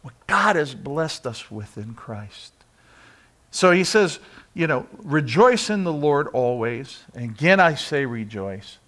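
A man preaching a sermon in church, talking to the congregation with rhetorical questions, singing bits of a hymn and moving from quiet to loud. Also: on the high side, big pitch swings, slow. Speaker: pastor.

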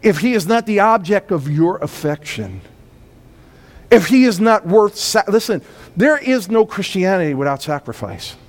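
A man preaching a sermon as pastor, swelling from quiet, emphatic points into loud, urgent appeals. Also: high-pitched, very animated. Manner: preaching with sudden swells of volume and emphatic slowdowns.

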